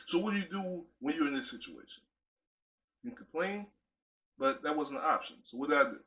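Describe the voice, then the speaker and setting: A man's voice: a little high, bright, forceful tone. A man giving a motivational talk in an emphatic, conversational way, repeating phrases for effect. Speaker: motivational speaker.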